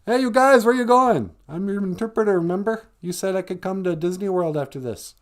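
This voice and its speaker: A man's voice: sits high, brisk, voice pushed up, natural voice. A man doing a pleading stranded interpreter. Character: stranded male war interpreter, pleading, young adult.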